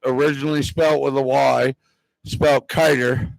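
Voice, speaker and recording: A man's voice: mid-range voice, flat delivery, a little slow, creaky, no room sound, rough recording. A man from the United States, a moviegoer stopped for a street interview, who talks in a rambling, earnest way. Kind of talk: casual chat.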